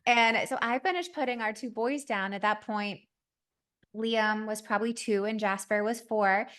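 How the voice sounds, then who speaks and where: A woman podcast host in her thirties, telling a story in a lively, conversational way and acting out the dialogue. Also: mid-range voice, normal speed, smooth. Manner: animated, acts out quoted dialogue.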